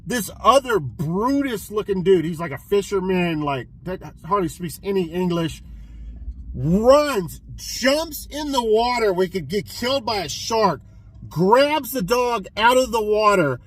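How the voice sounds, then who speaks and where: A man casually reviewing a film he watched, retelling the plot in an excitable, profane way with many restarts. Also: high voice, unhurried, husky, poor audio. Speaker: physical media collector reviewing films.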